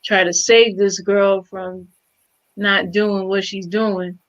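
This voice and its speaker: A woman's voice: mid-range voice, level tone, slow, lo-fi sound. A woman co-hosting a casual hip hop album review, chatty and a bit hesitant.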